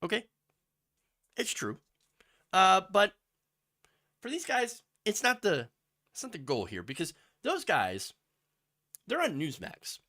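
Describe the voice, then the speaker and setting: A male commentary host with a mocking, sarcastic delivery. His voice is bright and fairly high. His pitch leaps around a lot. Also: wildly swooping pitch, slow pace, pauses often. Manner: mocking, sarcastic, with asides and laughs. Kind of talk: sarcastic commentary over news clips.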